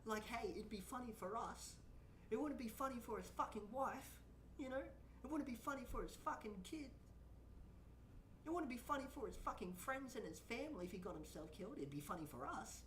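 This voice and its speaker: A woman's voice: on the high side, lively intonation, brisk, fairly bright tone, roomy sound, distant mic, a little hiss or hum. A woman VTuber streamer giving blunt, profane reaction commentary and ranting at what she watches.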